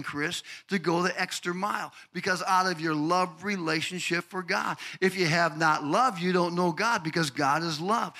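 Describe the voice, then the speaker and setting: Fervent older male preacher, bright voice. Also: high voice. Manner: fervent preaching, calls out congregants by name; builds to shouted, sing-song climaxes. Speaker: pastor. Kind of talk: sermon.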